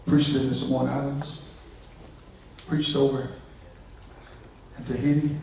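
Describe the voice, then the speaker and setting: A man preaching a revival sermon, telling stories in folksy asides and building from low narration to shouted climaxes, with the congregation answering back. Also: level tone, unhurried, slight background noise. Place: church sanctuary. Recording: echoey church hall from far off, congregation. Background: congregation responding.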